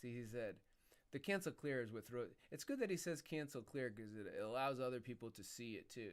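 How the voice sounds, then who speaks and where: A man of mid pitch talks casually to his live-stream viewers. He rambles and muses as he goes. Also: lively intonation, a little fast. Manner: rambling, musing, talks to chat.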